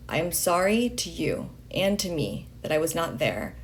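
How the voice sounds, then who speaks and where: A woman reading a letter aloud in a slow, deliberate way, pausing between phrases. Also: low voice, sing-song, slight background noise. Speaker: reader of a letter.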